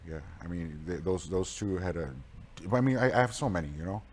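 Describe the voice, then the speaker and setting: A man answering interview questions in a halting way, often repeating words as he searches for them. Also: sits low, animated, slight background noise. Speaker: political candidate.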